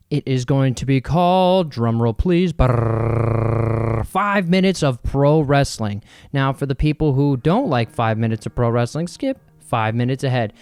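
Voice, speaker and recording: A man's voice: a little high, clean tone. A man hosting a solo podcast, chatting casually and jokingly with lots of asides. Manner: rambling, joking, full of fillers and asides. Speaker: podcast host.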